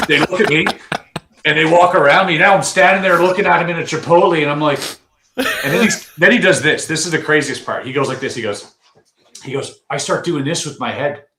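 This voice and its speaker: Excitable man telling a story. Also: a little fast. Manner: excitable, acts out quotes with big swings in pitch. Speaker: podcast co-host. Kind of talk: casual chat, animated storytelling. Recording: roomy echo.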